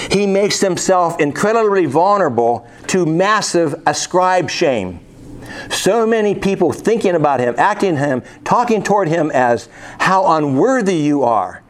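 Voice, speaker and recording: A man's voice: high voice, big pitch swings, measured pace. A man preaching a sermon, reading scripture aloud and asking his listeners rhetorical questions.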